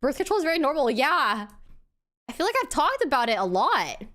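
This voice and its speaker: A woman's voice: high voice, sing-song, brisk, a bit bright. A young adult woman streamer chatting casually with her live chat, crying and laughing as she thanks viewers. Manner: tearful, laughing between thank-yous to chat.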